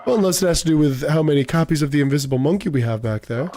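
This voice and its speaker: A stuck-up, prissy bookstore clerk with a high, lifted voice, as a man puts him on. He is pompous and condescending, and there is a gravelly edge under the primness. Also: racing, mellow, close to an everyday voice. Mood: haughty. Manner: condescending, prim and proper.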